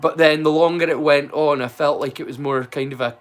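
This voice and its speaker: Pitched on the high side, this man talks fairly quickly with fairly even intonation. He has a Scottish accent blended from many places and runs a laid-back watch-along stream, chatty and rambling as he replies straight to his chat.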